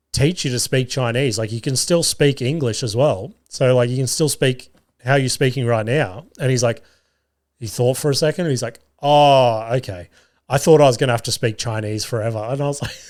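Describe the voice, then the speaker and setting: A man, a podcast host telling casual stories and swearing freely. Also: medium pitch. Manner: swears freely, acts out family dialogue. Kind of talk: casual storytelling.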